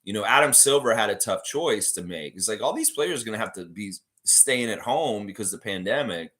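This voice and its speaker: A man hosting a casual livestream chat, rambling in a relaxed way and reading viewer comments aloud. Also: fairly low pitch, fairly quick. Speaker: livestream host.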